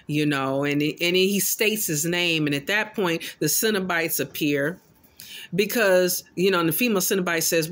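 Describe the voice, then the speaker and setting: A man casually recapping a horror film in an animated, loosely paraphrasing storytelling way. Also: sits high, moderate pace. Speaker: film commentator.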